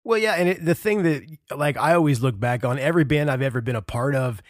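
A man's voice: mid-range voice, fast, no echo. Dry-voiced podcast host man. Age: 40s. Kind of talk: casual interview chat.

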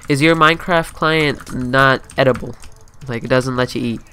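A young man giving profane, running commentary over his own game, muttering asides and then yelling trash talk at opponents. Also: medium pitch, moderate pace, clear, resonant tone. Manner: profane, swinging between mumbled asides and yelled trash talk. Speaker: gameplay commentator. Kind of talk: live gameplay commentary.

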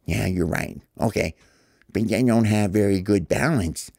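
A man's voice: lowish voice, measured pace, vocal fry, a little mellow, no echo, studio quality. A man voicing a timid young bird who is scared and a bit whiny. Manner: hesitant, whiny.

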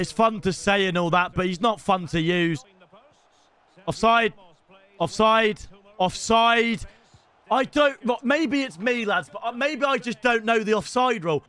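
A young man commentating live on his own gameplay as a streamer, excitable and swinging between hype and groans. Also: sits high, clear, resonant tone. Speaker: gaming streamer.

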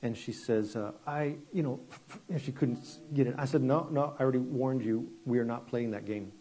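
A middle-aged man preaching as a guest pastor, telling stories conversationally with many restarts and sudden hushed moments. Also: mid-range voice, fairly quick. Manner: conversational, repeats words and restarts, drops quiet for dramatic story moments. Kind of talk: sermon with storytelling.

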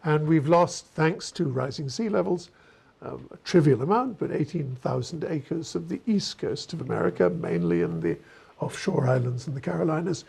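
A man's voice: on the high side, sing-song, normal speed, gravelly, darkish tone, slightly rough. A man giving an author talk, storytelling in a discursive way with wry, self-deprecating asides. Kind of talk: storytelling lecture answering questions.

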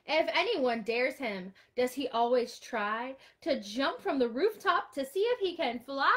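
A woman's voice: high-pitched, lively intonation, a little slow, few pauses, a bit bright. A woman librarian holding an online storytime for young children, reading aloud and singing with a sing-song, exclaiming manner.

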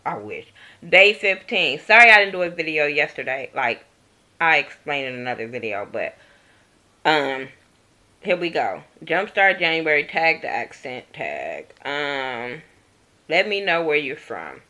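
Woman vlogging from home, kinda low but bright voice, blunt and jokey, laughs a lot. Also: sing-song, unhurried. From Compton, California. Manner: blunt, joking, swears freely, laughs often. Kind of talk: casual chat to camera. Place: at home, indoors. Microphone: camera in front of her.

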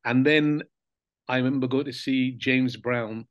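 A man's voice: medium pitch, measured pace, no room sound, dull audio. Older man, interview guest, reflective storyteller, easygoing delivery with ums and chuckles. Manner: relaxed, reflective storytelling with frequent fillers and soft laughs. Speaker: interview guest, former footballer. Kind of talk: casual reminiscing interview.

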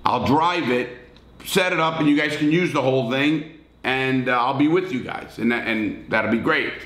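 A middle-aged man with a New York accent, bluntly judging viewer stories in a profane, animated casual retelling. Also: mid-range voice, moderate pace, roomy sound. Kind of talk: casual storytelling commentary.

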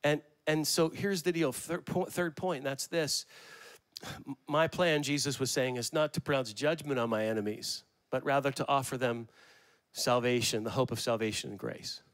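A middle-aged male pastor giving a conversational, animated sermon, asking rhetorical questions and acting out quotes. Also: medium pitch, normal speed.

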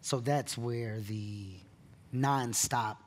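Male comedian, mid-pitch, animated onstage storyteller for a keynote interview, laughs through his own anecdotes. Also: drawn-out words, slight background noise. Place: conference stage.

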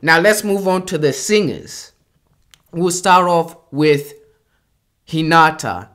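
A young adult vlogger giving casual, excitable commentary on music, repeating exclamations and phrases for emphasis. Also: mid-range voice, slow.

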